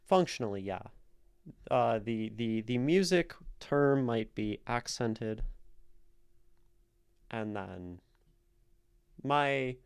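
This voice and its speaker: A man's voice: medium pitch, darkish tone, clean tone. A man hosting a live stream, casually explaining poetry, thinking aloud and answering questions from chat. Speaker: streamer host critiquing poetry.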